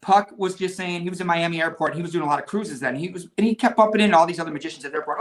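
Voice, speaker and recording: A magician guest telling a lively story in casual conversation, with many restarts. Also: male voice, sits high, racing, hardly any pauses.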